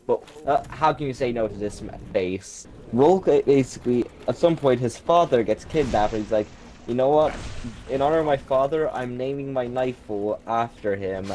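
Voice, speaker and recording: A man recounts game lore in a loose, irreverent way, full of jokes, fillers and swearing. His voice sits at an ordinary middle pitch. A faint background hiss runs under the recording. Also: dark tone, poor audio. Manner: irreverent, jokey, swears often, many fillers. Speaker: lore video narrator. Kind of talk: casual storytelling.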